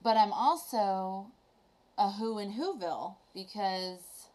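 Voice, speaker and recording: A woman vlogger casually retelling a children's story to camera, animated and reflective. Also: medium pitch, slow pace.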